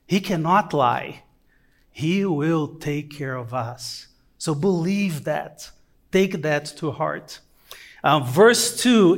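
A man preaching a sermon and praying, speaking English with a non-native accent, earnest with halting fillers and joking asides. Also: fairly high pitch, a bit bright. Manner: joking, self-mocking asides. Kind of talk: sermon with prayer.

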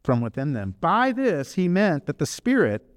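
A male pastor preaching a sermon in a slightly high voice, pressing his points with emphasis. He speeds up through some runs and slows right down to stress others. The sound is dry and close. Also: no echo. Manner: animated, emphatic, swings between fast and slow drawn-out phrases.

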